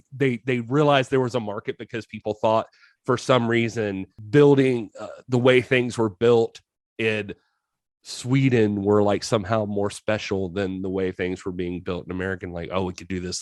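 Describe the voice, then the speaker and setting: A man with a fairly low voice co-hosts a casual film podcast, telling stories in a rambling way. He uses many fillers and restarts, and the studio sound is clean with no echo.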